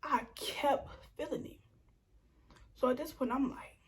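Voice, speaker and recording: A young woman telling a storytime vlog, animated and acting out what people said, sometimes dropping to a whisper. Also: a little high, unhurried, a little hiss or hum. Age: young adult. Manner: animated, acts out quotes, slips into whispers. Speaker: vlogger.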